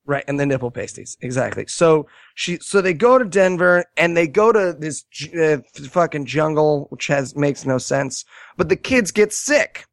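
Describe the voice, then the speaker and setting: Retelling a film's scenes for a podcast review, this co-host is quick to mock, cracking sarcastic jokes and dropping quoted asides in a casual, comedic conversation. His voice is slightly high and there's no echo.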